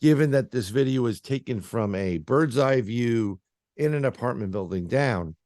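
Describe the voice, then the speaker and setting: A man's voice: mid-range voice, expressive, normal speed, a little mellow, dry recording, clean studio sound. A man being interviewed as a paranormal researcher, telling a story in a casual, rambling way with lots of fillers and restarts.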